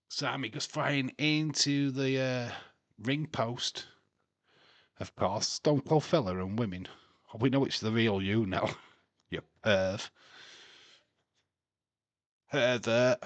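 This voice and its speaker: A man talks through a wrestling match for his live stream audience in easy, slow-paced commentary. He laughs often and ribs his viewers. His voice sits at a middle pitch, and the sound is dry and close. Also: no echo. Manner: chatty, laughs often, reads and teases chat. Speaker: livestream watch-along host.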